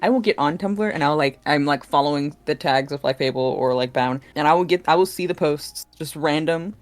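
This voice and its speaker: A woman's voice: sits low, brisk. An American woman chatting casually as a player, jokey and self-mocking. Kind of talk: casual chat between players.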